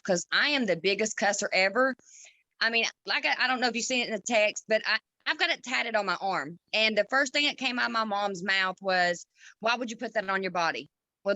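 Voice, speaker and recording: A woman's voice: on the high side, no echo. A woman speaking directly and supportively to a friend, calling her girl. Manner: warm-hearted, direct, calls people girl. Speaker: group member. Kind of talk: supportive casual talk.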